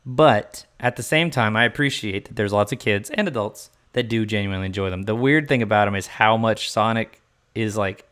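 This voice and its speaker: A man in his thirties co-hosting a casual movie podcast, chatty and quick to laugh, telling stories about his young son. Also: fairly low pitch, fairly bright tone, clear, resonant tone. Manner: chatty, laughs often, retells his son's reactions. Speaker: podcast co-host.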